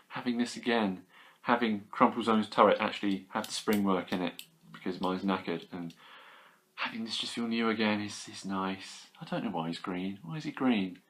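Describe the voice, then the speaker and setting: A young British man chatting casually about his toy haul, enthusiastic and rambling, with quick asides. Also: on the low side, a bit bright. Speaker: toy collector vlogger. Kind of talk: casual chat.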